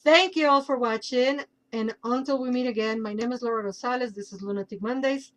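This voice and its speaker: A woman's voice: a little high, a little fast, few pauses, fairly bright tone, low-quality recording. A woman podcast host with a Mexican accent, chatting casually and plugging her work with playful asides.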